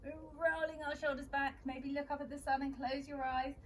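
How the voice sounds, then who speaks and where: A young woman leads a children's yoga session in a gentle, encouraging way. Her voice sits slightly high. A faint hum of background noise runs underneath. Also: little pitch movement, fairly quick. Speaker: kids yoga teacher. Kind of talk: guiding a children's yoga class.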